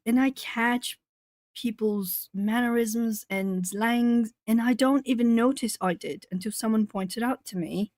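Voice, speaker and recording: A woman's voice: fairly high pitch, a little mellow, dry recording. A woman from Brazil chatting casually on a live art stream, laughing often and answering viewers' comments as she colours. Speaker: artist streamer.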